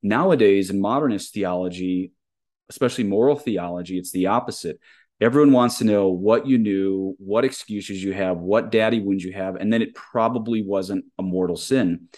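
A man's voice: lowish voice, moderate pace, a little mellow. A man, a Catholic priest, hosting an interview and explaining ideas earnestly at length. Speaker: podcast host, Catholic priest. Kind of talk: conversational interview.

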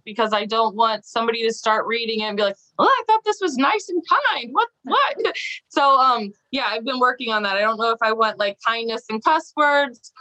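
A woman's voice: fairly high pitch, pushed and bright, low-quality recording. A woman guest on a casual podcast interview, bubbly and laughing often, acting out quoted voices as she tells her story. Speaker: podcast guest, small business owner.

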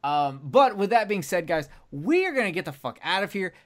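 A man with a fairly high voice hosts a casual horror podcast. He talks with eager enthusiasm and drops swear words freely as he wraps up the show. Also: big pitch swings, normal speed. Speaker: podcast host.

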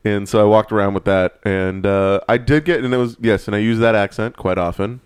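A man's voice: on the low side, a little fast, smooth, no room sound, studio quality. A man from San Francisco co-hosting a casual chat, wry and rambling. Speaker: podcast co-host.

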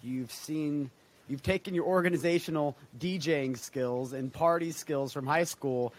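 Male interviewer with a slightly high voice. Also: measured pace. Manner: encouraging, brief interjections.

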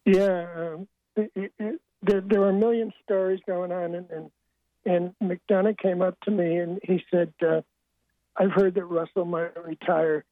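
An older man, a sportswriter guest, telling wry anecdotes in a halting way with many restarts. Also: high voice, fairly even intonation, no room sound. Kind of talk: storytelling interview. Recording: tinny dry phone line.

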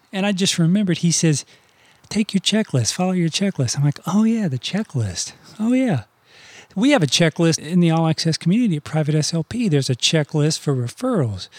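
A middle-aged man spins a casual story in an energetic, conversational way, full of fillers and repeats. His voice sits a little high. The recording is dry and close, with no room sound. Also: no room sound. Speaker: podcast host for private practice owners.

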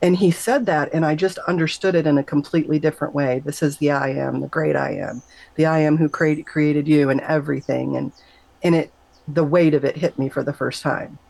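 A middle-aged woman, a nurse, telling an emotional personal story in an interview, animated and emphatic, her voice leaping up whenever she quotes herself. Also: fairly quick, vocal fry, no echo, low-quality recording. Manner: animated, emphatic, jumps high when quoting herself. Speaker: guest, nurse.

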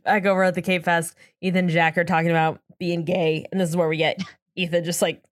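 A woman's voice: on the low side, fast, no room sound, studio quality. A woman co-hosting a casual podcast, summarizing plot points with frequent laughter. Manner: giggly, animated, reads plot summaries. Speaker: podcast co-host. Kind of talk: casual recap chat.

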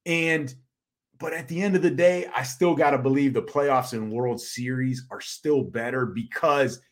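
A middle-aged man co-hosting a sports podcast in casual chat, animated and quick to laugh. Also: mid-range voice. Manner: animated, laughs easily, restarts often. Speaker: podcast co-host.

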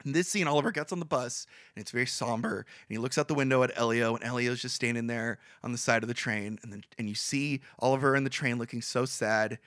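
A man co-hosting a podcast, casually retelling a movie plot in a rambling, animated way, full of fillers. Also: mid-range voice, fast, few pauses, no room sound, studio quality. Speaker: podcast co-host.

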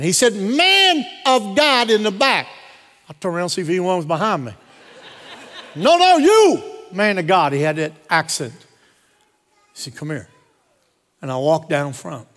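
A pastor preaching a sermon, driving points home through repetition and telling personal stories. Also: male voice, fairly high pitch, a bit bright. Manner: repetitive emphatic preaching cadence. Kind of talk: sermon with storytelling. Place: church sanctuary. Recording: long reverb of a church hall.

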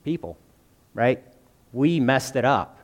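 A man's voice: medium pitch, sing-song, slow, in a large hall. A man preaching a conversational sermon, often asking the congregation questions. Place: church.

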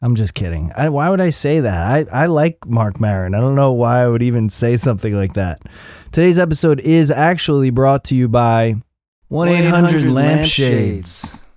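Middle-aged male podcast host, loose and profane, self-deprecating, mid-pitched, dry close sound. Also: mellow, no echo. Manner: profane, rambling and self-mocking. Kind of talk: casual solo podcast rant. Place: Los Angeles area.

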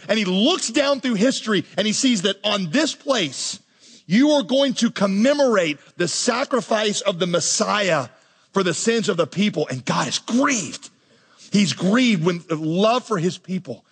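A man preaching a sermon as pastor, swinging between soft low lines and raised, emphatic ones. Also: breathy edge. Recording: long reverb of a large hall.

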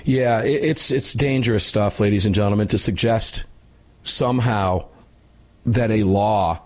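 A man's voice: fairly low pitch, unhurried. A man with an American accent hosting a radio talk show, telling a story in an emphatic, indignant way. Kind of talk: impassioned radio commentary.

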